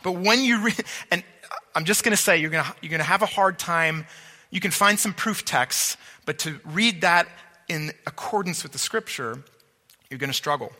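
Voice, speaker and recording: A man preaching a sermon, his voice high and tense with a sharp, bright edge. He talks earnestly, repeating words to stress a point and asking his listeners whether they follow. The sound carries the long reverb of a large hall. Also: animated, moderate pace.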